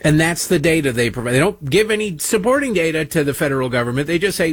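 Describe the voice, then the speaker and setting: A man's voice: very animated, fast talker, hardly any pauses, slightly rough, no echo. A man hosting a political talk show, giving sarcastic, mocking commentary between played clips. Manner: mocking, mimics people in high silly voices.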